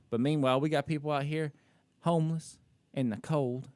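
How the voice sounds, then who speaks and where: A man's voice: fairly high pitch, steady tone, fairly quick, a little mellow, clear, resonant tone, dry recording. A man co-hosting a podcast, telling a story in a casual, candid way and criticizing himself, with lots of "you know" and "like". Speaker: podcast co-host. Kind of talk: casual chat.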